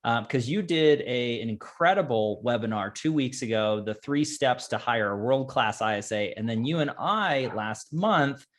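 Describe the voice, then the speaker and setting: A man's voice: medium pitch, animated, moderate pace, few pauses, fairly bright tone. A man hosting a webinar interview, enthusiastic and full of praise, using fillers like "you know". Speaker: webinar host.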